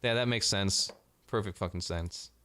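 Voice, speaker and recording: A man's voice: on the low side, moderate pace, sharp tone. A man delivering a sarcastic, profanity-heavy commentary rant as a vlogger.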